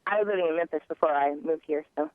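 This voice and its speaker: A woman calling in to a radio show, speaking in a scattered, halting way with many restarts. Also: low voice, no room sound. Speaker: caller. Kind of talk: call-in radio conversation. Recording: tinny dry phone line.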